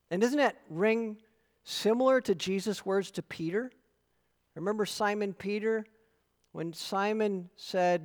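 A man's voice: sits high, lively intonation, moderate pace. A man preaching a sermon as pastor. He speaks earnestly and emphatically and tells stories to his congregation. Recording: long hall reverb.

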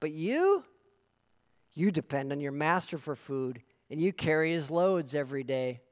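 A man's voice: on the high side, very animated, measured pace. A man voicing a boastful, free wild male donkey who mocks a working donkey, in a fable told within a sermon. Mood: gloating. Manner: mocking, gloating. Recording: long hall reverb.

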